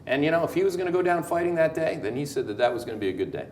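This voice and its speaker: A man with a Canadian accent hosting a market commentary show, talking in an animated, emphatic, joking way that circles back on itself. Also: on the high side, rapid-fire, a little hiss or hum. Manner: animated, emphatic, jokey, repeats words. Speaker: host. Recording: echoey room.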